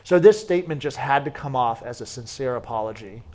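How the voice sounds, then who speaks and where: A man's voice: mid-range voice, lively intonation, a little fast, a crowd in the background. A man as a guest in a sit-down interview, telling stories casually with lots of fillers and restarts. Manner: chatty, frequent "like" fillers and restarts. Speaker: wrestler guest.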